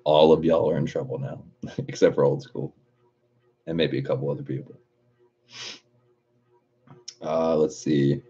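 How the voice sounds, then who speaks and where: A man's voice: a bass voice, little pitch movement, unhurried, long pauses, dark tone, husky. A man hosting a casual livestream, reading viewer comments aloud with laughter and cursing. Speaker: livestream host. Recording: dull lo-fi stream audio.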